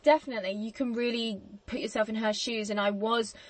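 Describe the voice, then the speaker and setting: A woman's voice: on the high side, fairly even intonation, fairly quick. A woman hosting a podcast, chatting casually about a film, laughing often and acting out quoted lines. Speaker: podcast host.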